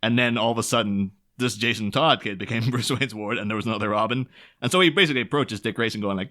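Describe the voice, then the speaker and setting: Animated man retelling comics. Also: lowish voice. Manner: animated, slips into quick silly voices for quoted characters. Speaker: podcast co-host.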